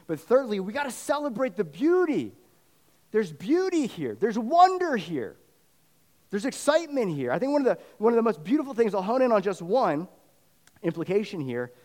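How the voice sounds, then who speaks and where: A pastor giving a sermon in a conversational style that swells into fervent emphasis. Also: male voice, a little high, darkish tone. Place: church sanctuary. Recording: long reverb of a church hall.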